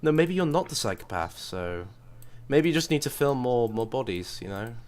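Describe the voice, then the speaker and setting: A man's voice: medium pitch, expressive, moderate pace, a little mellow. A man co-hosting a casual podcast, teasing and sarcastic, with faint background noise. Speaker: podcast co-host. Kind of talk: casual chat.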